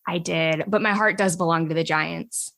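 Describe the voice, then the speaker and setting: A woman's voice: on the low side, fairly even intonation, moderate pace, creaky, fairly bright tone. A woman from New York State, a singer-songwriter guest on a podcast, talking casually with frequent laughs and lots of "like". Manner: giggly, chatty, heavy use of "like". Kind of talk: casual conversational interview.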